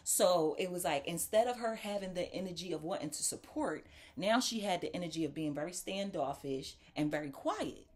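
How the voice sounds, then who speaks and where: A talk show host with a fairly low voice tells viewers a casual story at a normal speed, barely pausing. She's animated, acts out the voices of the people she quotes, and speaks straight to the audience as "y'all."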